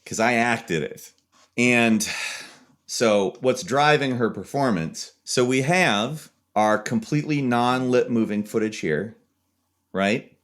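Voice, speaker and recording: A man's voice: medium pitch, slow pace. A young man giving a casual tutorial walkthrough, chatty and jokey. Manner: animated, jokey, chatty explaining. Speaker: video creator.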